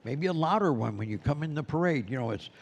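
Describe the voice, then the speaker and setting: A man's voice: a little high, animated, fast, gravelly. A man teaching a Santa training class in a loose, conversational way, often asking the class questions. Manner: conversational, loose, asks the class questions, many "you know"s. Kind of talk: classroom lecture.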